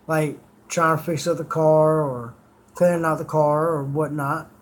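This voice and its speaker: A man's voice: fairly high pitch, fairly even intonation, unhurried. A man streamer telling rambling stories in casual chat, swearing freely.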